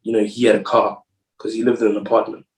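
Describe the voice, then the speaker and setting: A man's voice: on the low side, flat delivery, fast talker, crowd noise. A young man from Zimbabwe, a rugby player guesting on a podcast, telling a story in a rambling way, full of "like" and "bro". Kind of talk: casual storytelling. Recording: echoey room, voice far from mic.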